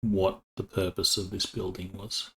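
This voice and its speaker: A man playing a tabletop game, speaking calmly and explaining things. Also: sits low, measured pace, creaky. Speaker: player. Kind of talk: casual tabletop play.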